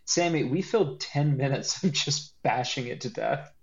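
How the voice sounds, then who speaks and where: A man's voice: mid-range voice, normal speed, vocal fry, slight background noise. Guy cohosting a podcast, jokey and rambly, laughs a lot, kinda dull lo-fi sound. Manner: animated, joking, laughs often, rambling restarts. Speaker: podcast co-host. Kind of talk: casual chat.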